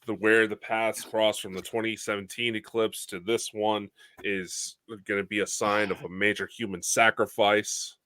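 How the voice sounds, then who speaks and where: A man's voice: on the low side, little pitch movement, moderate pace, sharp tone, dry recording, studio quality. A man co-hosting a podcast in an easygoing, conversational way. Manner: easygoing, conversational, plugs friends' channels. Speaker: podcast co-host. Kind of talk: casual chat.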